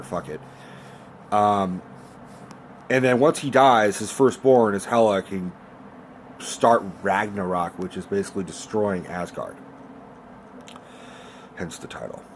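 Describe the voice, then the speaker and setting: Fairly low-pitched, recorded with a bit of hiss or hum, a man reviews a film in a casual, rambling rant. He swears freely and fills the gaps with ums and likes.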